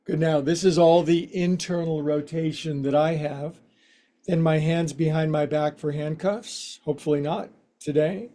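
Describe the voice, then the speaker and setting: Male yoga instructor, warm mellow tone, slightly higher voice, joking folksy delivery. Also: fairly even intonation. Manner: playful, folksy quips between slow cues. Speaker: yoga teacher. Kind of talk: guided yoga class instruction.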